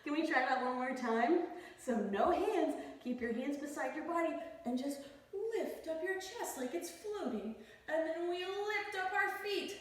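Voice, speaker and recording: A woman's voice: high-pitched, animated, measured pace, heavy reverb, distant mic. A woman guiding a children's yoga class, playful and encouraging as she demonstrates poses. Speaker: kids yoga teacher.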